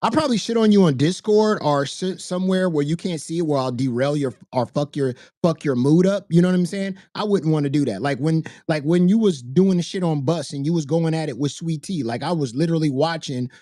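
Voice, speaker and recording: Guy co-host on a stream, kinda high voice, rants and swears a lot, dry sound. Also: brisk, few pauses, mellow, no echo. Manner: profane, ranting, emphatic. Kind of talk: casual livestream panel chat.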